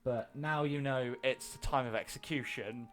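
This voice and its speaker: A man narrating a tabletop game as game master, relaxed and rambling with many pauses. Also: mid-range voice, soft background music.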